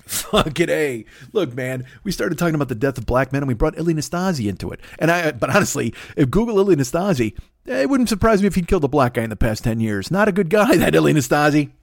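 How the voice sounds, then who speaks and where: A man's voice: fairly high pitch, very animated, fast talker, gravelly, dry recording, studio quality. A man in his forties hosting a podcast, ranting in a profane, rambling comedic monologue. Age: 40s. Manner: profane, rambling, exasperated rant. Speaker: podcast host.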